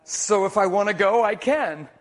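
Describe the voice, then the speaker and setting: A middle-aged man preaching a sermon, telling stories with hushed asides and loud bursts of emphasis. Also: high voice, moderate pace. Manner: storytelling, animated, swings between hushed asides and loud emphasis. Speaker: traveling preacher.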